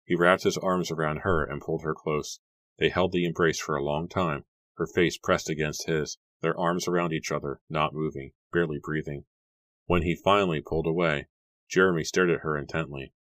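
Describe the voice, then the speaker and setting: A man with an exceptionally deep voice narrates a horror audiobook in a measured, even reading. The recording is dry and close, with no room sound.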